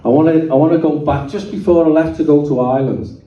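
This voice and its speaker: A man's voice: on the high side, fast talker. A middle-aged man giving a chatty personal testimony to an audience in a meeting hall, often checking in with "okay?" and "right?". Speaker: guest speaker giving a testimony. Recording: roomy hall, distant mic, dull sound.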